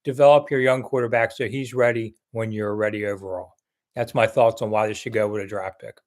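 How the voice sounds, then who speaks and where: A man's voice: fairly low pitch, steady tone, fairly quick, darkish tone. Blunt older male sports commentator. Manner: blunt, chatty, reads viewer comments aloud. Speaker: sports commentator and live-chat host. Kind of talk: casual live-stream chat.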